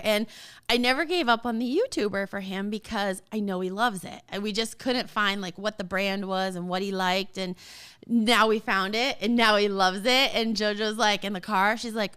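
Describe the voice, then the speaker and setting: Animated woman with a smooth voice. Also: medium pitch, moderate pace. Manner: animated and emphatic, often laughing; talks straight to listeners as a parent. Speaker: podcast host. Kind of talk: casual podcast chat.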